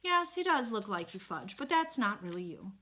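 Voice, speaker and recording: A woman voicing a gentle, amused mother who speaks fondly. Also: medium pitch, very animated, moderate pace.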